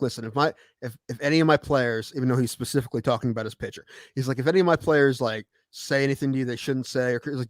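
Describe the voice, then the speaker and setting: Man, 30s, podcast co-host; fast, animated storyteller, dry mic. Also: mid-range voice, dry recording. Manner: storytelling, animated quoted voices. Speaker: podcast co-host, baseball umpire. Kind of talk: casual chat.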